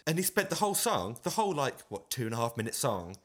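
A man's voice: medium pitch, fast talker. A man, a pianist at auditions, telling a story and acting out the voices and tunes in it. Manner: lively storyteller, acts out voices and hums tunes. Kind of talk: casual anecdote.

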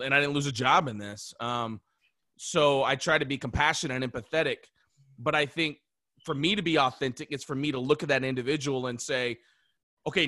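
A man hosts a podcast interview in a bright, forceful voice. He reflects aloud, speaks with emphasis and often restarts his sentences. The sound is dry, with no room echo. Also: medium pitch. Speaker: podcast host.

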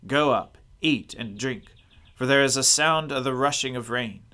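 A man voicing a bold, defiant male prophet in a scripture reading, declaiming loudly and forcefully. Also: medium pitch, normal speed, natural voice. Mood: commanding.

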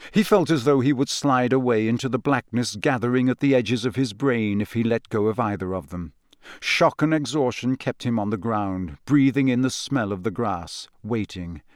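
A male audiobook narrator reads scripted text in a steady, measured, middle-pitched voice. The recording is close and dry, with no room sound or echo.

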